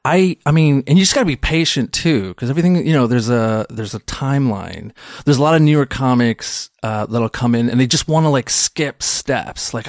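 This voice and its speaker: Animated man in his thirties. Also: medium pitch, moderate pace, dry recording, studio quality. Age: 30s. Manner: animated storyteller who acts out quoted voices. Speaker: stand-up comedian guest. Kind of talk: casual podcast interview.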